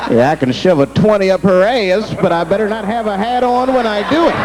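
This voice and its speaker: A young man doing a stand-up set on a club stage, telling stories in an animated way and slipping into character voices. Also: high-pitched, fairly quick, few pauses, heavy background noise. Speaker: stand-up comedian. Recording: live comedy taping with audience. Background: crowd laughter.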